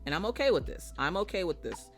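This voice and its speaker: A woman streamer in casual live chat with her viewers, a brash, profane, jokey storyteller who breaks into loud mock rants. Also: on the low side, big pitch swings, fast talker, soft background music. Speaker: streamer chatting with viewers while painting.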